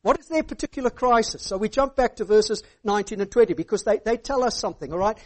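A man's voice: high-pitched, quick pace, few pauses. Man preaching, tag questions. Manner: emphatic, asks the hearers "all right?" often. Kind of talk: sermon.

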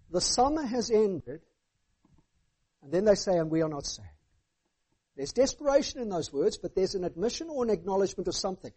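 A man's voice: high voice, darkish tone. Man preaching, tag questions. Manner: emphatic, asks the hearers "all right?" often. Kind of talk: sermon.

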